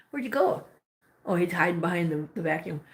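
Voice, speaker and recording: A woman hosting a casual livestream from home, chatting with viewers and cooing at her cats in a high sing-song voice. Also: sharp tone, echoey room, slight background noise. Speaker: host. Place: home room full of cats. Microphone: laptop mic.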